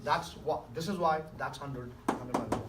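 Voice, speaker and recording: Speaking at normal speed in a mid-range voice, this man lectures a math class, gently coaxing his students and asking questions to make sure they understand. The recording, made at a distance, carries classroom echo and a faint hiss.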